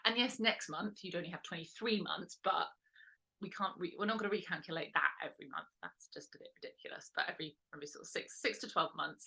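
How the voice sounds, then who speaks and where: A woman's voice: low-pitched, bright, forceful tone. A woman hosting a lifestyle workshop, talking in a chatty, rambling way with lots of "um"s and self-corrections. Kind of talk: casual instructional talk.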